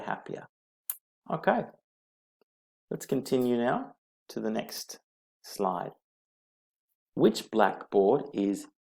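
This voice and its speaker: A man teaching English grammar from slides, explaining slowly and patiently and repeating each rule letter by letter. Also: on the low side, creaky, a little mellow. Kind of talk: slide-based grammar lesson.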